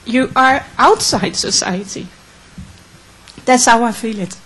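A woman from the Netherlands asking a question from the floor, earnest, emotional and halting. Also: on the high side, a bit bright, slightly rough, poor audio. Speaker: audience questioner.

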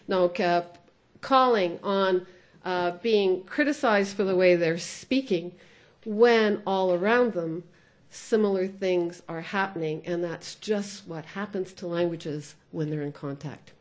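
A woman's voice: on the low side, unhurried. Bilingual woman giving a lecture. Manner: thoughtful, switches between English and French, frequent "uh" fillers. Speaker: sociolinguist giving a talk. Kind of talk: conference lecture.

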